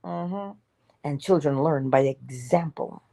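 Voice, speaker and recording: A woman's voice: on the low side, expressive, slow pace, dark tone. A woman giving an inspirational morning talk in an emphatic, preacher-like way, sometimes dropping to a whisper. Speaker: motivational speaker.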